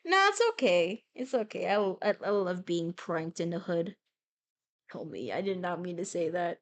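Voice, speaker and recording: A young adult woman chatting casually on a live stream while she draws, playful and rambling, with sudden bursts of excitement. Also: fairly low pitch, moderate pace.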